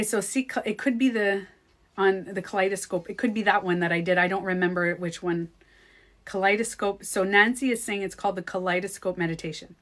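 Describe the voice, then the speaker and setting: A woman and beauty coach talking to her viewers in a casual vlog. She is chatty, restarts her sentences, and swings between hushed asides and excited retelling. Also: mid-range voice.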